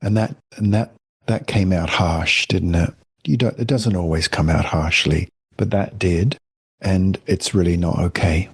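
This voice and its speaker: A middle-aged man, a family counselor, explaining his ideas in a gentle, reflective way in a podcast interview. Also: low-pitched, unhurried, breathy edge, dry recording, studio quality. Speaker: guest, family counselor and author.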